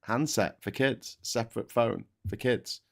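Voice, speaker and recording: A man's voice: medium pitch, moderate pace, vocal fry. A man hosting a casual political chat show, sarcastic and sweary, slipping into mocking voices. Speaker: podcast host.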